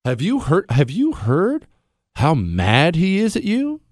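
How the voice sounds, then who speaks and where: A man's voice: fairly high pitch, huge pitch swings, slow pace, darkish tone, dry recording. A man hosting a talk radio show, ranting with passion and sarcasm into a studio mic.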